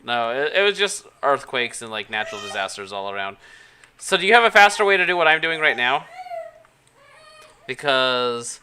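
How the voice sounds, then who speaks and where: A woman's voice: very deep voice, expressive, moderate pace, bright, forceful tone, a little hiss or hum. A woman streamer chatting casually while she works, thinking aloud and judging her own work. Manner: thinks aloud, self-critical. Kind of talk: casual live-stream chat.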